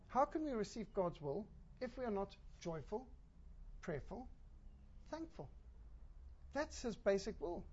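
Woman preacher, husky voice, emphatic sermon delivery, dull lo-fi sound. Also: medium pitch, warm tone. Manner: emphatic, with rhetorical questions.

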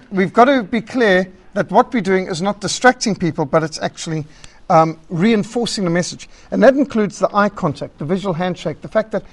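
Guy with a high voice lecturing a church group, punchy, ticks off points one by one. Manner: emphatic, lively, lists points, acts out rambling callers. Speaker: preacher teaching a class on public speaking. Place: meeting hall.

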